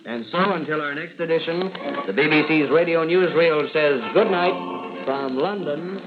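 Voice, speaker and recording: A man presenting a radio newsreel in a crisp, formal announcing style. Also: on the high side, normal speed, over loud music. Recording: tinny, hissy 1940s radio archive.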